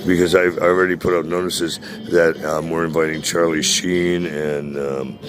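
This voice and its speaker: A man's voice: rumbling low, level tone, moderate pace, music in the background. Profane rambling man in his sixties. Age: 60s. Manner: many "uh" and "um" hesitations. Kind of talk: casual rant to a friend.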